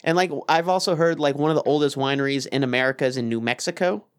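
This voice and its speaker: A man's voice: on the high side, fast talker, dry recording, clean studio sound, faint music behind. A man chatting casually on a comedy podcast, joking and ranting with plenty of swearing. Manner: profane, ranting, jokey.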